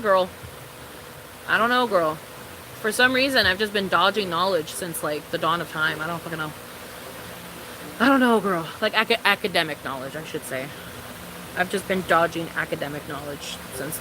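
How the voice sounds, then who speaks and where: A woman's voice: fairly low pitch, background noise. A young woman streaming a casual, rambling, profane chat with her viewers, calling them girl.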